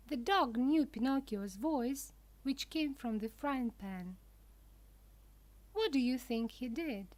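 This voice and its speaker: Slow, careful woman reading a storybook. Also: sits high, animated, darkish tone, no echo. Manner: careful, clear, deliberate. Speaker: narrator. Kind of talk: slow storybook narration for learners.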